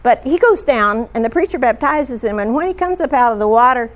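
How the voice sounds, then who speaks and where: A woman leading a group discussion, retelling stories in a chatty, halting way with frequent fillers. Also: a little high, animated. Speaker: discussion leader.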